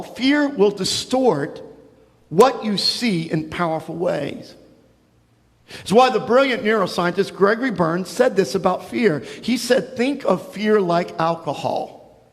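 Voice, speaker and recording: A man with a high-pitched voice preaches in a church, telling a Bible story to children. He tells it with animated energy and acts out the characters' lines. His voice rings with a long reverb through the sanctuary. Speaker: pastor.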